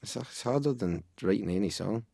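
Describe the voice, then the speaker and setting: A Scottish man chats as an interview guest, loose and playful, often joking. His voice sits low and mellow. The room is dry and close. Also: lively intonation, brisk, gravelly, breathy edge, no room sound. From Scotland. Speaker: musician guest. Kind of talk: casual interview chat.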